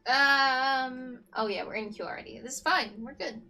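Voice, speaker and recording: A woman's voice: high-pitched, normal speed, bright, forceful tone, faint music behind. A woman streaming a shooter game, chatting casually and mocking her own play, with the odd swear. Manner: chatty, self-deprecating, swearing. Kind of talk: casual gameplay commentary.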